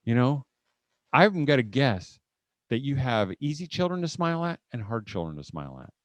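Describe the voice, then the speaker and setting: A man's voice: mid-range voice, big pitch swings, moderate pace, no echo. A middle-aged man from Indiana giving a humorous parenting talk to a live audience, telling folksy anecdotes and chuckling often. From Indiana, USA. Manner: folksy anecdotal storytelling, chuckles often, acts out family moments. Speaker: conference speaker.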